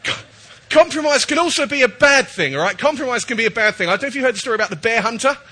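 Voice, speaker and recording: A man's voice: very high voice, lively intonation, racing, bright, forceful tone. A man preaching a chatty, jokey sermon while he has a cold, often checking in with his listeners.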